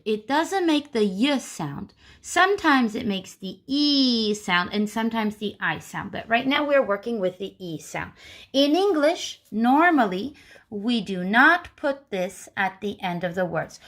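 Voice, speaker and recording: Slow, animated woman teaching children. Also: medium pitch. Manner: slow, clear, animated teacher talk with repeated words. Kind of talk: phonics lesson for young children.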